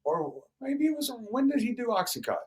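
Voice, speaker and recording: A man's voice: extremely high pitch, a little fast, crowd noise. A man, telling stories in a casual interview, swearing freely and acting out the voices of people he quotes. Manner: profane, animated, acts out quoted voices. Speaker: guest musician.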